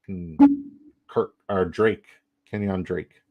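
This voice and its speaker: Rowdy, low-voiced young man streaming. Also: takes it slowly, phone-quality sound. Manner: excitable, rambling, profane. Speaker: livestream host. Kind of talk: casual livestream commentary.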